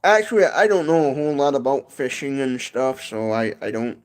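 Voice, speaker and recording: A man with a Michigan accent and a brisk, medium-pitched voice chats casually on a livestream from his home porch outdoors. He rambles and keeps tacking on "and stuff."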